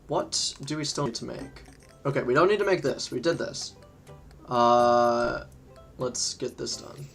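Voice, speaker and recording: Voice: medium pitch, unhurried, gravelly, faint music behind. A livestream host chatting casually while playing a game, rambling between topics and laughing often. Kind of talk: casual gaming livestream chat.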